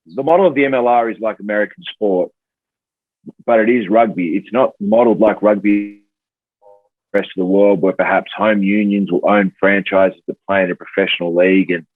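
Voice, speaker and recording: A man from Australia with a broad Australian accent talks in a relaxed, easygoing way, hedging with "I think" as he goes. His voice sits very low. It comes through a dry, tinny, phone-like line. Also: fairly quick, no room sound. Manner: easygoing, laughs easily, hedges with "I think" and "you know". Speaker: podcast guest, rugby player. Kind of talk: casual chat.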